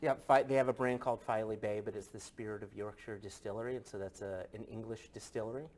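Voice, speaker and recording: A man's voice: lowish voice, steady tone, quick pace, darkish tone, a little hiss or hum. A man joining a casual panel talk as a co-presenter, easygoing with joking asides. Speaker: guest co-presenter.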